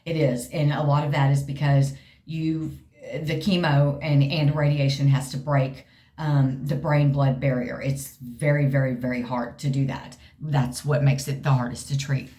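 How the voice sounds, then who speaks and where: A woman's voice: extremely low pitch, level tone, moderate pace, dark tone. A middle-aged woman, chatting casually to camera, rambling and calling her viewers y'all. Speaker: vlogger sharing a health update.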